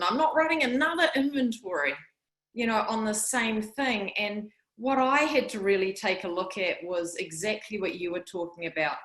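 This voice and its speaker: A woman's voice: fairly low pitch, pushed and bright. A woman with a New Zealand accent sharing at a recovery meeting on a video call, chatty and wry about herself. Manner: chatty, wry self-deprecating humor. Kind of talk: personal share at a meeting. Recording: echoey room.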